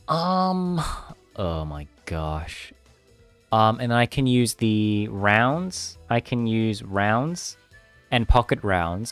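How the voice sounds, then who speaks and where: A young man live-streaming his game coding, chatting casually with viewers, easily distracted and laughing often. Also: fairly low pitch.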